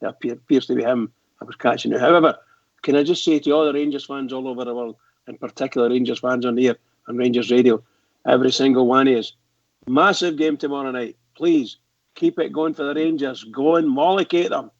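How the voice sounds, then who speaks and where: Gravelly man, hesitant on a dull line. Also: medium pitch, steady tone, quick pace, no room sound. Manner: hesitant, stumbles and repeats words. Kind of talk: casual fan radio chat.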